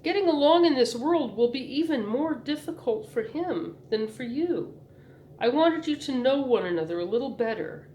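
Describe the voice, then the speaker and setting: A woman's voice: high-pitched, expressive, moderate pace, warm tone, a little hiss or hum, voice pushed up. A woman reading an elderly female history teacher who speaks earnestly and with indignation. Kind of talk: audiobook character reading.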